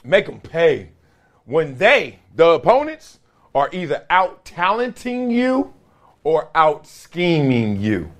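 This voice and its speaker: Young adult man, podcast host, casual slangy sports chat with lots of laughs and lively pitch. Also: slow pace. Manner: animated, slangy, laughs between jokes.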